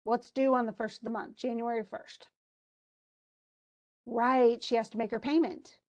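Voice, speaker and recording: A woman with a voice on the high side and a darkish tone lectures on a play scene at normal speed, her intonation fairly even. As a literature teacher, she reads quoted lines aloud and stops for asides, explanations and restarts.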